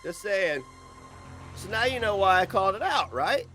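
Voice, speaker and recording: A man's voice: high-pitched, animated, normal speed, sharp tone, faint music behind. A man ranting on a livestream in a profane, mocking, sarcastic way. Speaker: streamer.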